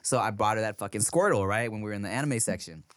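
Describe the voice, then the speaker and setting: Man, 30s, podcast co-host, casual chat, animated storyteller, dry sound. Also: quick pace, no room sound. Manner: animated storyteller, acts out his toddler in a high voice.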